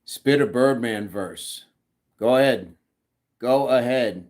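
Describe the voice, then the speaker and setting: A man's voice: mid-range voice, takes it slowly, long pauses, a little mellow. Jokey man hosting a live chat. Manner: jokey, laughs often, reads chat messages aloud. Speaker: livestream host reading chat.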